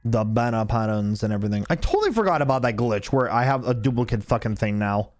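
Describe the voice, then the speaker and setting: A tired male game streamer with a lively, bouncing voice who chats loosely and swears a lot. He sounds laid-back and drowsy. Faint music runs underneath. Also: mid-range voice, quick pace. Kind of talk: casual live-stream chat.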